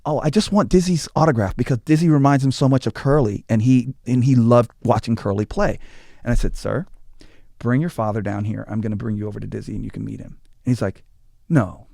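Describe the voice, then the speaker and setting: Speaking fairly quickly with some vocal fry, a man in his mid-range recalls his days as a tour manager during a casual interview. He acts out the quotes with animation and keeps stammering and starting over. The studio recording is dry and clean.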